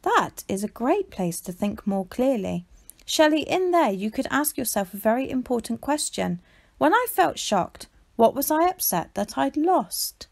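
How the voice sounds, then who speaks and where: A woman voicing a wise, calm male lion who explains in a soothing, measured way. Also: sits high, gravelly, full character voice.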